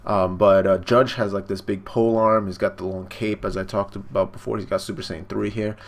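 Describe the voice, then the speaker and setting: A man talks through a cartoon episode in loose, casual reaction commentary, full of fillers and restarts. His voice sits on the low side. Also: little pitch movement, brisk, vocal fry. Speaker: reaction streamer.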